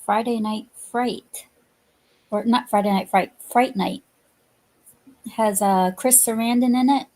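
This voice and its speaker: A woman's voice: on the high side, slow pace, long pauses, dark tone. A woman co-hosting a podcast, chatting casually and offhandedly about movies. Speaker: podcast co-host.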